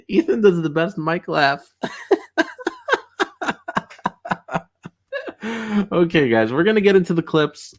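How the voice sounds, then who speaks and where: A young man hosting a casual livestream, reading chat messages aloud, laughing often and getting loud and worked up when he tells a story. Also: medium pitch. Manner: chatty, excitable, laughs often, rising to shouts when riled. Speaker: streamer host reading chat.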